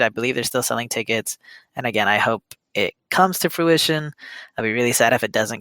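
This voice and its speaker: Bright-voiced man chatting casually. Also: mid-range voice, dry recording. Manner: chatty, rambling with fillers and self-corrections. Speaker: podcast co-host. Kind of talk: casual chat.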